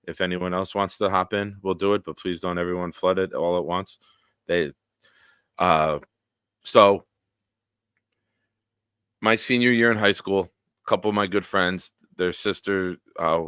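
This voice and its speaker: A man hosting a casual live-stream chat, telling stories and acting out other people's lines loudly. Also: deep voice, clear, resonant tone, dry recording, studio quality. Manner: animated storyteller, acts out quotes loudly. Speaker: podcast host.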